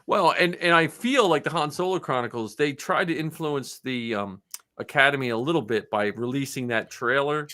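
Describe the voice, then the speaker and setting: A man's voice: medium pitch, normal speed, sharp tone. A man co-hosting a fan podcast, chatting casually with many restarts. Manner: rambling, restarts often, laughs easily. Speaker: podcast co-host. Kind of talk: casual chat.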